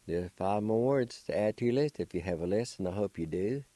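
A middle-aged man with a low, mellow voice teaches vocabulary on the radio. He speaks slowly, spells each word letter by letter and repeats it with patience. The sound is close and dry. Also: dry recording. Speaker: radio language teacher and host.

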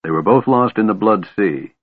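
A weary half-elf warrior, guarded and bitter, with clipped, tense answers, as a male narrator plays him. The voice is deep and animated, dry and thin like a phone line. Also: moderate pace.

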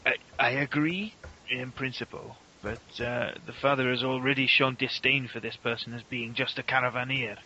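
A man's voice: mid-range voice, steady tone, moderate pace, few pauses, bright, forceful tone, dull audio, a little hiss or hum. A man, playing a blunt, money-minded character in a tabletop role-play game. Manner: blunt, mercenary, questioning. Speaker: player.

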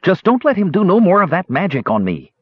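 A man voicing a cowardly male hired thief who whines and pleads in rough speech. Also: high-pitched, wildly swooping pitch, a little fast, no room sound, lo-fi sound, voice pushed up, full character voice. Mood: whining. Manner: whiny, pleading, rough grammar.

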